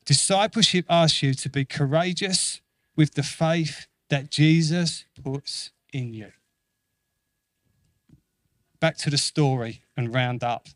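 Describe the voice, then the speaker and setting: A man delivering a sermon with an earnest, repetitive emphasis, slipping into quoted voices as he tells the story. His voice sits a little high for a man. The sound is dry and close, with no room around it. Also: takes it slowly, long pauses, dry recording. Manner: earnest, repeats phrases for emphasis; acts out quoted voices with lively shifts. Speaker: preacher.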